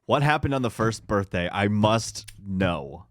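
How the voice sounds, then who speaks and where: Low-voiced man reading stories, swearing. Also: animated, unhurried, no echo, studio quality. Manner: swearing, joking, laughs at own slips. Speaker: podcast co-host reading stories. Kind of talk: casual chat and reading aloud.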